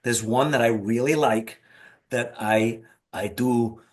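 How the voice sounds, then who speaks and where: A man's voice: mid-range voice, slow. Joking male podcast host. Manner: joking, animated storytelling. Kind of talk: casual interview talk.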